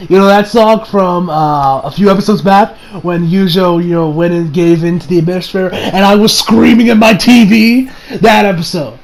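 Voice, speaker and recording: A young man casually reviewing an anime episode, excitable, cursing a lot and restarting his sentences. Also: high voice, moderate pace, few pauses. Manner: excitable, swears often, many fillers and restarts.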